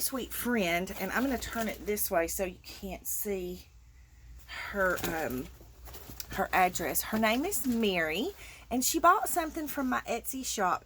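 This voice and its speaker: A woman's voice: mid-range voice, a little hiss or hum. A middle-aged woman from Georgia with a Southern accent, chatting casually and effusively to her viewers. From Georgia, USA. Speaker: crafting vlogger. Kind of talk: casual chat unboxing mail.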